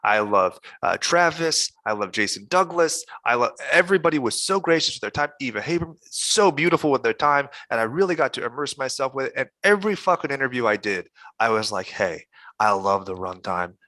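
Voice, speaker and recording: Blunt, profane man with a bright voice. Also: medium pitch, expressive, brisk, dry recording. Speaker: podcast co-host. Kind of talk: casual chat.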